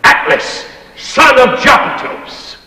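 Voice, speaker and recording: A pompous old master. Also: male voice, medium pitch, sing-song, slow, pushed and bright, slight background noise, heavily acted. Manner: grandiloquent, theatrical declamation. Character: pompous, overbearing old man ruling a servant. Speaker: stage actor. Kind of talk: stage play performance. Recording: echoey stage hall recording.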